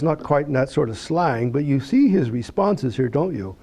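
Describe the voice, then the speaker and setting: A man's voice: a little high, moderate pace, few pauses. A man teaching a Bible study in a conversational lecture style, reading scripture aloud and asking rhetorical questions. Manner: animated, reads scripture aloud.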